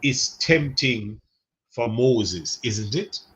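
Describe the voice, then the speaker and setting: A man's voice: mid-range voice, lively intonation, extremely slow, fairly bright tone. A man teaching a seminary Bible class in a conversational way, putting questions to students by name.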